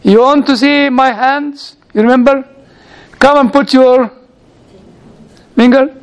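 A preacher giving voice to a gentle, reassuring Christ. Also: male voice, very high voice, fairly even intonation, slow, smooth, exaggerated voice, poor audio. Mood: tender. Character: gentle, loving Christ speaking to a believer.

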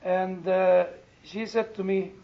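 A male chaplain delivers a sermon in an unusually high voice. He speaks very slowly and earnestly, stressing key words and letting softer phrases fade. The recording sounds dull and lo-fi. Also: fairly even intonation. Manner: earnest, emphatic, lets quieter phrases trail off. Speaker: chaplain and preacher. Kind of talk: sermon with personal storytelling.

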